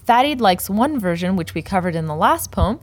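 A woman teaching a Persian poetry lesson, explaining words slowly and carefully pronouncing each example. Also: mid-range voice, expressive, dry recording.

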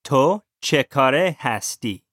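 Male learner, careful deliberate repetition, dry close recording. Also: mid-range voice, expressive, a bit bright, no room sound. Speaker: language student. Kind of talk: language lesson repetition.

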